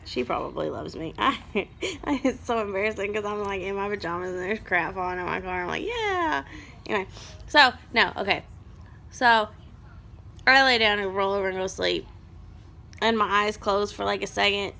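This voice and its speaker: A mother in her thirties telling a story in a rambling, animated vlog and turning aside to her children. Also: medium pitch, brisk, gravelly, slight background noise. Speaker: mother vlogger.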